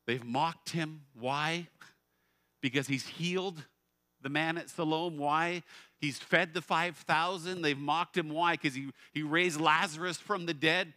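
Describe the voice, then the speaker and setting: A male pastor delivering a sermon in a church. His voice is bright and ringing, recorded close and dry, and he preaches in an expressive, emphatic way full of rhetorical questions. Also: on the high side, slow pace, no room sound.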